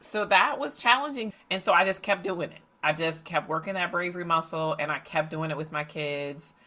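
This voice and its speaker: A middle-aged woman coach telling a family story in a lively, animated way, acting out the voices of the people in it. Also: fairly low pitch, brisk. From United States. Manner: animated, acts out family dialogue. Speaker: coach and facilitator. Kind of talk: storytelling podcast monologue.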